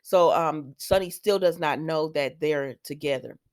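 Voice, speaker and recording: Chatty woman with a low voice. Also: measured pace, darkish tone, no room sound, studio quality. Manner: chatty, digressive, talks back to the characters. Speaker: soap opera recap vlogger. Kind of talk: casual spoken recap.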